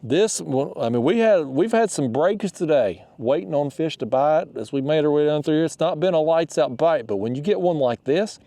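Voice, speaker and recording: A man's voice: on the high side, expressive, normal speed, hardly any pauses, warm tone, no echo. A man talking casually to his audience while fishing from a kayak on a river, full of folksy exclamations. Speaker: fishing vlogger.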